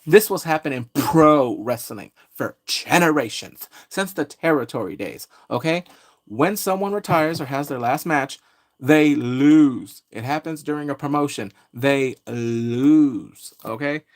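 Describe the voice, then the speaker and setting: Man, pop culture vlogger, casual rant, brash, jokey trash talk, mid-pitched voice. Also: lively intonation, a little slow.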